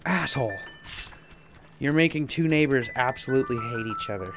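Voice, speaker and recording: This gamer chats loosely about another player's session in a mid-range voice at ordinary speed. Expect giggles, tangents and cheerful cursing against the game's soundtrack.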